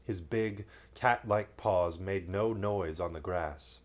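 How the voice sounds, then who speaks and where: A man's voice: low voice, slow. Male storyteller for a bedtime reading; reads steadily, drops in light jokes. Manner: reads aloud, breaking off for playful joking asides.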